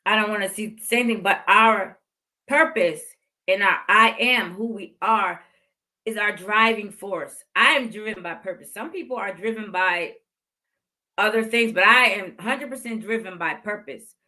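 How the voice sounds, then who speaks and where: A podcast-hosting woman in her fifties speaks at normal speed with a mid-range, sharp-toned voice. Her talk is heartfelt faith motivation, punctuated by repeated phrases.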